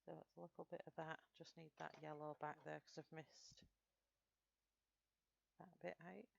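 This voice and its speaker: A woman's voice: sits low, little pitch movement, moderate pace, gravelly, dull audio. A woman with a Northern English accent, chatting through a live colouring tutorial and answering viewers' comments as she works. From Northern England. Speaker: streamer.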